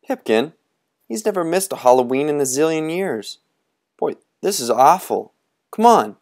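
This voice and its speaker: A man putting on an excited, worried young boy. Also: fairly high pitch, normal speed, pitched above the performer's own voice.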